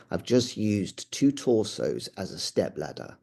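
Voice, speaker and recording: A middle-aged man, a paramedic, recounting a personal experience in an interview, halting and earnest with frequent restarts, often dropping quiet. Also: lowish voice, sing-song, vocal fry. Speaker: paramedic guest.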